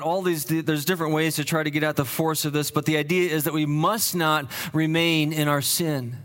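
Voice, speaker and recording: A male pastor preaching a sermon, teaching earnestly with frequent restarts and fillers, dropping low and slow to stress key points. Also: steady tone, fairly bright tone. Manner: drops low and slow for emphasis.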